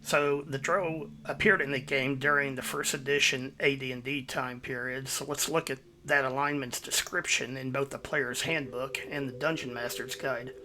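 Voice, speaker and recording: A man hosting his own video, giving a measured, explanatory voice-over. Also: mid-range voice, steady tone, sharp tone. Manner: measured, explanatory, citing sources. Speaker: YouTube host.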